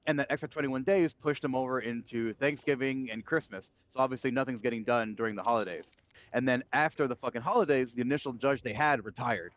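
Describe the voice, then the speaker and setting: Fast, profane man ranting. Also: medium pitch, a little hiss or hum. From United States. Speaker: streamer. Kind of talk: casual livestream chat. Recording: dull lo-fi mic.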